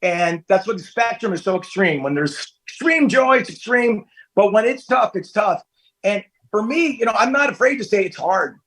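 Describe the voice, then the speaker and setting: This fifty-something man joins a podcast by call from his home, family nearby, laughing easily as he tells candid stories in a relaxed chat. His high-pitched voice is expressive, a bit bright and slightly rough, at normal speed. The recording quality is rough.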